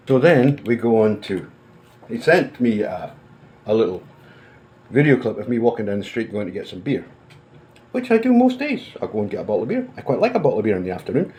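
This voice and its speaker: A man's voice: on the low side, very animated, moderate pace, pauses often, dark tone, poor audio. A man talking casually to camera, blunt and combative, swearing freely and speaking from indoors at home. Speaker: commentator.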